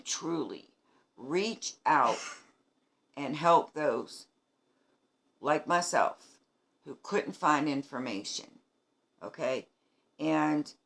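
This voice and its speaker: A woman in her fifties from New England records a heartfelt video diary about her cancer treatment, speaking to viewers earnestly and emphatically. Her voice sits low and sounds gravelly and a bit bright.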